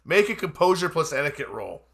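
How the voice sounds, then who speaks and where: Bright-voiced male game master. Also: a little high, sing-song, vocal fry. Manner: measured storytelling narration mixed with casual table talk. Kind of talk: narrating a tabletop game.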